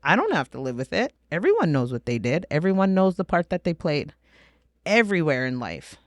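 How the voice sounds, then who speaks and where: Podcast guest, woman, middle-aged, from Canada; candid, animated storyteller, dry close sound. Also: sits low, brisk, dry recording. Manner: emphatic, animated, drops to a hushed voice for intense moments.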